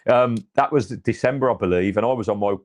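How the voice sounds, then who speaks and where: A man's voice: medium pitch, quick pace, a little mellow. Casual male podcast host, chatty fan quizzing co-hosts. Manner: chatty, says mate a lot, swears. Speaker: host asking quiz questions. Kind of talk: casual football podcast chat.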